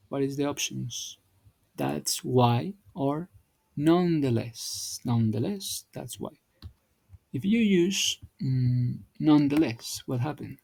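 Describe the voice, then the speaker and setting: Male teacher walking through grammar drills; slow, halting, husky, restarts phrases, dry close sound. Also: mid-range voice, expressive, darkish tone, no echo, poor audio. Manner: halting, repeats and restarts words while explaining. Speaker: English teacher. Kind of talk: explaining grammar exercises.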